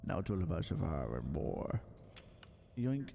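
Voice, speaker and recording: Man, young adult, playful game streamer, animated pitch, echoing long reverb. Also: a little slow, vocal fry, a little hiss or hum. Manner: excitable and playful, loud exclamations and silly voices. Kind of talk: live gameplay commentary.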